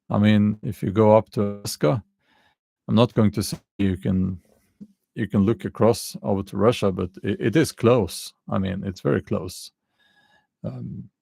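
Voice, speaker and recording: A man with a non-native English accent, hosting a casual livestream and answering chat comments in a halting way, with many fillers and frequent chuckles. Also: fairly low pitch, creaky, dark tone, dry recording. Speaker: channel host answering live chat.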